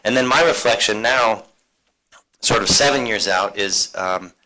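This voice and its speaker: A man's voice: on the low side, unhurried, bright, forceful tone, a little hiss or hum, low-quality recording. A man speaking on an alumni career panel at a university seminar, talking casually with fillers and restarts. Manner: conversational, many fillers and restarts.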